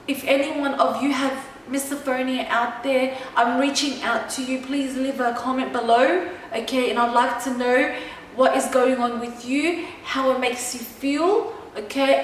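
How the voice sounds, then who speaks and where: Woman vlogger, high voice, emphatic chatty storytelling; very echoey room, distant mic, faint noise. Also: steady tone, a little slow, a bit bright. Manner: emphatic, chatty, keeps checking in with "okay?". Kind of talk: personal storytelling to camera.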